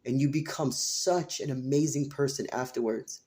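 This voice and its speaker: A woman in her late forties talks straight to her tarot audience in an emotional personal monologue. Her voice is warm and mellow, and she drives her points home with passion, open swearing and repeated phrases. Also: rumbling low, normal speed. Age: 40s. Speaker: tarot reader and channel host.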